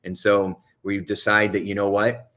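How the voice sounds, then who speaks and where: Fast-talking man giving coaching advice. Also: fairly low pitch, little pitch movement, a bit bright. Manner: fast, urgent, coaching delivery. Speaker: hypnotherapist and coach. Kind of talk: motivational self-help talk.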